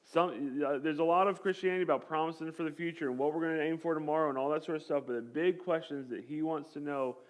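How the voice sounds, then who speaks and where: A man preaching a sermon to his church, conversational and joking, telling a story with lively acted-out quotes. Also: on the high side, fast talker, hardly any pauses. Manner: conversational, with jokes and light laughs. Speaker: pastor.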